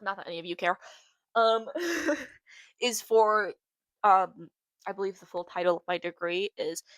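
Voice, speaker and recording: A woman's voice: mid-range voice, a bit bright. A young woman talks alone on her casual podcast, emotional and rambling, circling back to the same phrases for emphasis. Her voice sits in a middle range for a woman. The sound is dry, with no room echo. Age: young adult. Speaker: podcast host. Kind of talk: casual solo podcast monologue.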